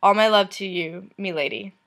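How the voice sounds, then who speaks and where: A woman vlogger reading messages aloud, in a soft, unhurried voice that trails off at the end of lines. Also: medium pitch, gravelly.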